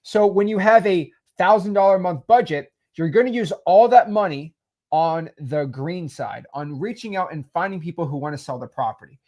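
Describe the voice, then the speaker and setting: A man's voice: sits high, normal speed. Upbeat man explaining deals on a sketch pad. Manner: animated, salesy, with restarts. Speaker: real estate teacher. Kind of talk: casual whiteboard explainer.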